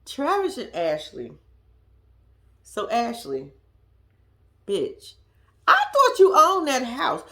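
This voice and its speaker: Woman, casual show recap, blunt, profane, sassy, lively pitch. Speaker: reaction commentator.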